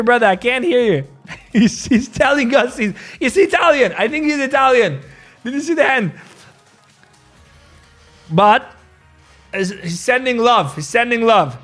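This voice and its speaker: A man runs a casual live trading stream, his voice sitting high. He talks in excited bursts and repeats his points again and again. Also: measured pace, long pauses, faint music behind. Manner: excitable, repeats himself, calls people bro. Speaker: crypto live-stream host.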